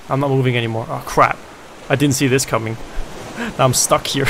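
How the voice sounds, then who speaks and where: A man commentating a survival video game. He jokes often and yells when things go wrong. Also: medium pitch, brisk, pauses often, a little hiss or hum. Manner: excitable, jokey, yells at the game. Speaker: gaming video host. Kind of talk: let's play commentary.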